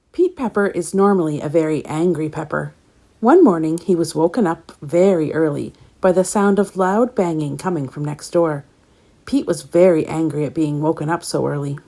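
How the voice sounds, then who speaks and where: A woman reading a children's story aloud in a gentle, expressive way. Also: fairly low pitch.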